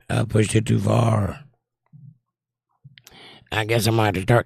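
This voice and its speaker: Hoarse guy hosting a stream, squeaky and croaky, gravelly, dry close mic. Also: measured pace, pauses often, dry recording. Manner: wry, blunt, reads chat messages aloud. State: hoarse, losing his voice. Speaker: livestream host reading chat. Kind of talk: casual chat.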